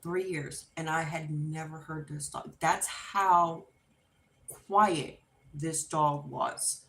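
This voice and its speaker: Slow-talking woman telling a story. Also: low voice, reverberant. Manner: chatty, unhurried anecdote telling with frequent laughs; animated and expressive when acting out quotes. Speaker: livestream host. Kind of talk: casual storytelling while crafting.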